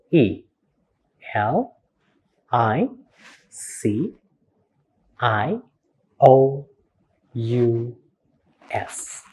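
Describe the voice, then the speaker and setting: An Indonesian man giving a recorded university lecture, spelling words out letter by letter and repeating them slowly. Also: mid-range voice, darkish tone, husky.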